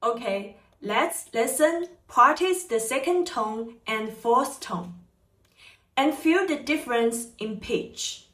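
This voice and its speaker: Slow-speaking woman teaching tones. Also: fairly high pitch, expressive, fairly bright tone. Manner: slow, carefully modeled tone examples. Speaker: Chinese language teacher. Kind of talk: scripted lesson narration. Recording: echoey room from a distance, light music.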